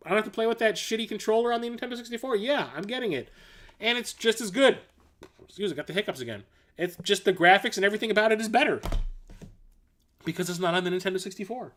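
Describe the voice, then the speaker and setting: A man's voice: high voice, a bit bright. A man hosting a casual livestream, rambling enthusiastically through his collection with fillers, self-corrections and blunt, mildly profane remarks. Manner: blunt and casual, with mild swearing. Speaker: livestream host showing his game collection.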